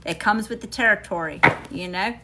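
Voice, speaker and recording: A woman's voice: medium pitch, brisk, heavy background noise. A woman from Mississippi with a Southern accent, giving a chatty, emphatic tarot reading to her viewers. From Mississippi, USA. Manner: chatty, emphatic, slangy with frequent "y'all" and "okay?". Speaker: tarot reader.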